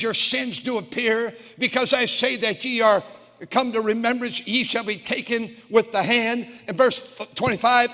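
A man preaching a fiery sermon, reading scripture slowly and swinging from quiet, low lines to shouted peaks. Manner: reads scripture slowly, drawing out words. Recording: long hall reverb.

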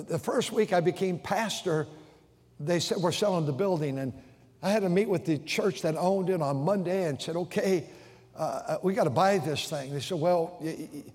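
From the pulpit of a big church auditorium, an older pastor gives an emotional sermon, stammering, restarting phrases and repeating himself. His voice is high for a man and a bit mellow, and every word rings with long reverb.

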